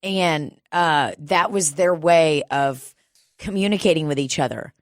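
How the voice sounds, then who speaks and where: A woman co-hosting a casual podcast, telling profane, lively stories and acting out the voices of the people in them. Her voice sits somewhat low for a woman. It is recorded close and dry, with almost no room sound. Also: unhurried, no echo. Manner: profane, animated storytelling with acted-out quotes. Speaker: podcast co-host. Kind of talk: casual chat.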